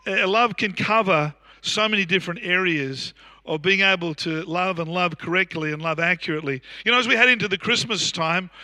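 Bright-voiced Australian pastor in his sixties. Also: sits high, a little fast, no echo. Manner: anecdotal, conversational preaching with frequent fillers and restarts. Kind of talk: sermon. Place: church.

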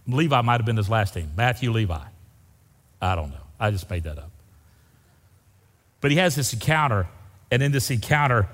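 An older man, a pastor preaching a folksy sermon and asking the congregation questions. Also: lowish voice. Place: church sanctuary. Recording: long hall reverb.

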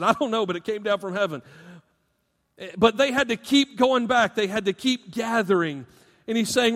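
Male pastor, high voice, emphatic animated preaching, long hall echo. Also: moderate pace. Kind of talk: sermon.

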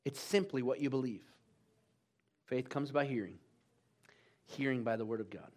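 A man's voice: mid-range voice, normal speed, darkish tone. A man preaching a sermon in a church, emphatic and full of call-and-response urging.

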